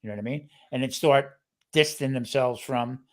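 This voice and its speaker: A man's voice: mid-range voice, a little fast. A man co-hosting a podcast, talking casually and emphatically, pressing his points with "okay" and "you know what I mean". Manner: emphatic, says "okay" to drive points home. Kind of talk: casual chat.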